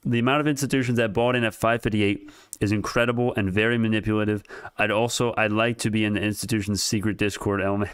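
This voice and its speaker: Excitable male streamer, low smooth voice, rambling market chatter straight to chat, dry close mic. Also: fast talker, dry recording. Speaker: stock market livestream host. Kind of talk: casual live market commentary.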